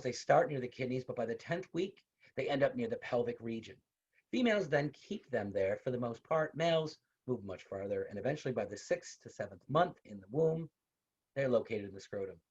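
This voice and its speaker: A university instructor with a medium-pitched, darkish, slightly rough voice gives a casual lecture in an online video class. He speaks conversationally, goes back over his points, and adds personal asides, with the video call audio coming through dull and lo-fi.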